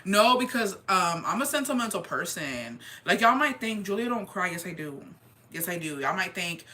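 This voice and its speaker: A woman telling a story in a casual storytime chat, animated and quick, swearing freely and slipping into Spanish. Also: lowish voice. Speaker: vlogger.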